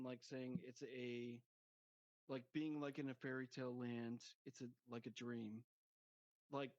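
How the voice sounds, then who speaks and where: A man's voice: medium pitch, dull audio. A man chatting about a film on a podcast, rambling with lots of "like" and frequent laughter. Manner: rambling, laughs often, heavy use of "like". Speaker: podcast guest. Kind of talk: casual movie discussion.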